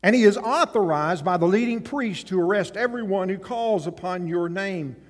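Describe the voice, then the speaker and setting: Lively pastor, male, high voice, dramatizing scripture; church hall echo. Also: moderate pace. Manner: animated, acts out voices in scripture, rises and drops in volume. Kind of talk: sermon.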